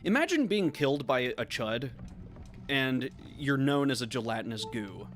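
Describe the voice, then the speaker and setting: A young man streaming a game, talking casually with sarcastic, excitable reactions. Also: mid-range voice, normal speed, soft background music. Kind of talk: casual live-stream commentary.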